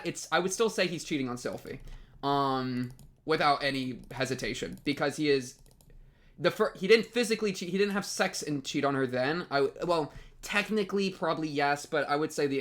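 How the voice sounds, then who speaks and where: A young man hosting an anime reaction video, ranting in an exasperated, rambling way, with many restarts and sudden leaps up in pitch. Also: fairly bright tone. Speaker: anime reaction channel host. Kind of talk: animated reaction commentary.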